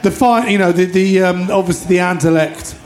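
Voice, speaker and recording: A man's voice: high voice, brisk, faint music behind. A man hosting a live podcast, reminiscing with enthusiasm about old football matches. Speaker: podcast host. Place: live show venue with audience.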